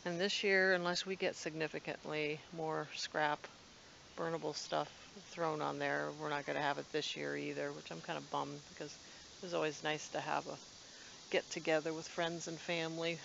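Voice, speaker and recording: A woman's voice: low-pitched, flat delivery, normal speed, creaky, background noise. A woman vlogging casually from her backyard and home. She rambles along chattily and coos at her cats. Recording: dull lo-fi home video.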